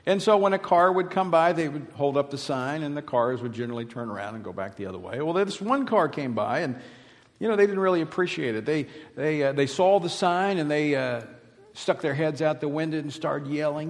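Pastor preaching in a reverberant hall. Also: male voice, on the high side, expressive, brisk. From Louisiana, USA. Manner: emphatic preaching, swinging from loud to hushed. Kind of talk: sermon.

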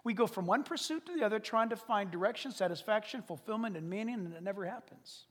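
A pastor preaching a sermon, animated and dramatic, dropping to whispers and acting out little scenes. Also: male voice, high-pitched, fast talker, big-room sound. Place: church service.

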